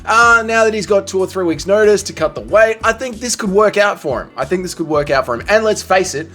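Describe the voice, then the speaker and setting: A man giving casual, opinionated sports commentary, animated and swearing freely. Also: high voice, brisk, faint music behind. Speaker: commentary vlogger.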